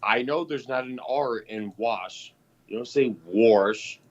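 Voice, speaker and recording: A man in casual chat, telling stories in a profane, animated way. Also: medium pitch, measured pace, lo-fi sound.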